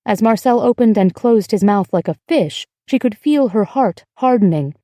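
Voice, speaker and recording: A woman reads scripted audiobook narration in a measured, steady manner. Her voice is mellow and mid-pitched, and the recording is dry and close. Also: dry recording.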